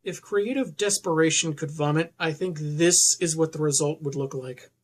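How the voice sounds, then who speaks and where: Lower-voiced snarky woman reviewer. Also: normal speed, husky. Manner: snarky, exasperated. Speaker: comic book reviewer. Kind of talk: comedic commentary.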